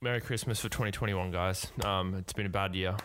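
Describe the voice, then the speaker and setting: Jokey young Aussie guy, lowish voice. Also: steady tone, fairly quick, a bit bright, slight background noise. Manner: jokey, laughs often. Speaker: podcast co-host. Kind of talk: casual chat.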